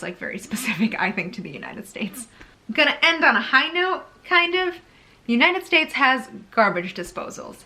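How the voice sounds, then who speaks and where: A young woman from Brazil talking to camera in a casual sit-down vlog, chatty and animated, breaking into laughs between points. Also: mid-range voice. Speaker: YouTuber.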